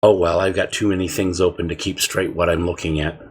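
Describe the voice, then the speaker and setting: A man's voice: sits low, little pitch movement, a little fast, breathy edge. A man co-hosting a podcast, chatting casually and cracking jokes before the show. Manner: wisecracking, rambling. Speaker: podcast co-host. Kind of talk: casual pre-show chat.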